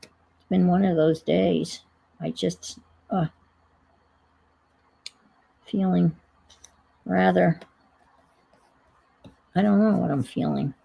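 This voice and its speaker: A woman's voice: fairly low pitch, fairly even intonation, slow, creaky, long pauses, mellow, breathy edge, rough recording. A woman hosting a casual crafting stream, thinking aloud and rambling in a self-deprecating way as she works. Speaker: crafting livestream host. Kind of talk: casual chat while crafting.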